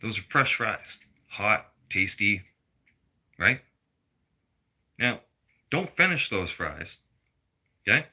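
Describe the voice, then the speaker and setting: A man's voice: on the low side, sing-song, takes it slowly, long pauses, pushed and bright, slightly rough. Blunt, profane man ranting. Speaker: vlogger. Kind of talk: personal rant to camera.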